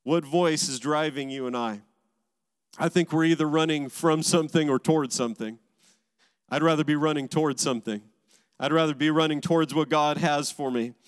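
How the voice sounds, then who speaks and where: A man's voice: a little high, steady tone, normal speed, smooth. A man preaching a sermon as a pastor, driving his points home with emphatic repeated phrases. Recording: large hall with long reverb.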